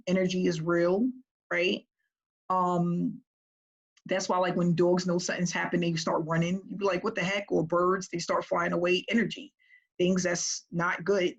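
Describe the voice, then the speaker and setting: A woman business coach talking to her group in a casual, energetic way, often checking in with "right?". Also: on the low side, slightly rough, highs cut off.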